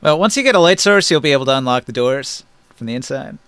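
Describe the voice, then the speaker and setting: A man running a tabletop game as game master, narrating in a relaxed way with frequent fillers. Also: medium pitch, quick pace, clear, resonant tone, dry recording.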